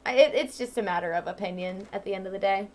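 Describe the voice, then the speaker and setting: Over slight background noise, a young woman from Ohio talks fast in a mid-range, slightly mellow voice. As a let's-play host she chats casually while gaming, rambling with plenty of "um" and "like" and laughing easily.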